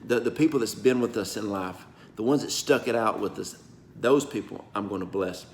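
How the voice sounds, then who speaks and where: A man preaching an informal prophetic message, folksy and emphatic, his voice going from soft to loud. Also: fairly low pitch, normal speed. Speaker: pastor. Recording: roomy echo, faint background noise.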